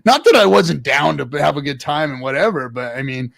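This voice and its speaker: A man telling a long story in casual chat, profane and animated, acting out the people he quotes. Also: a little high, brisk, gravelly, no room sound. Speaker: show regular.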